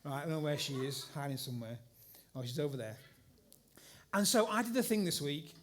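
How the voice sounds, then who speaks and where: A middle-aged man, preaching in a church and telling a rambling, animated story full of restarts. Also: high voice. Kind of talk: sermon story. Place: church hall with congregation.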